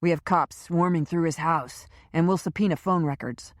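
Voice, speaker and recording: A woman voicing a brisk, urgent male police officer in an audiobook. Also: a little high, dry recording, clean studio sound, close to an everyday voice.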